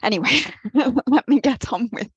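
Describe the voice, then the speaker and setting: A woman's voice: a little high, a little slow, husky, dry recording, dull audio. A woman lecturer giving a guest talk on mythology, earnest and a little self-deprecating, with some restarts, speaking into a computer mic. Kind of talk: academic lecture. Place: her office at home or work, on a computer.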